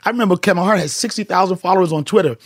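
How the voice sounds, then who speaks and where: A man's voice: high voice, very fast, dry recording, clean studio sound. A middle-aged male comedian, telling emphatic, profane stories as a podcast guest. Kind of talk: casual podcast chat.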